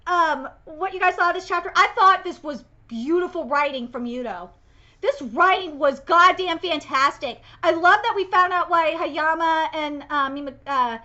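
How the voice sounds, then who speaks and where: A young woman giving live reaction commentary on a manga chapter, effusive and loud, swearing freely. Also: very high voice, dull audio.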